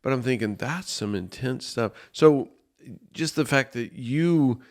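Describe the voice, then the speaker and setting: A man co-hosting a podcast, emphatic and animated as he recalls his childhood. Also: medium pitch, a little slow. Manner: animated, emphatic, says "dude". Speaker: podcast host. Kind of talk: casual conversation.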